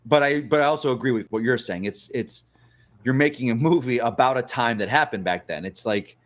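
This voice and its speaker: A man's voice: medium pitch, fairly quick. A man co-hosting a casual chat stream, easygoing and bantering with the others. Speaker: co-host.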